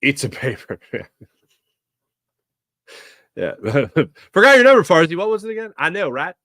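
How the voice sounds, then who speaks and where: A man's voice: on the high side, unhurried, dry recording, clean studio sound. A man hosting a sports talk show, chatting casually and rambling with jokes while he answers viewer comments. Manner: animated, rambling, jokey.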